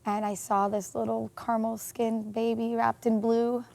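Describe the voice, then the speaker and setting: A woman telling a painful personal story in an interview, earnest and emotional, with many pauses and fillers. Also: on the high side, level tone, creaky, warm tone. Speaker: interview guest.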